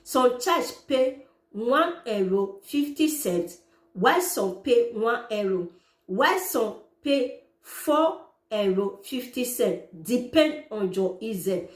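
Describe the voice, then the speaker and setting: A woman's voice: on the high side, expressive, slow pace. Earnest woman explaining, echoey room. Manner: repetitive, earnest, direct address. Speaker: parent giving advice. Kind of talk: informal how-to explainer.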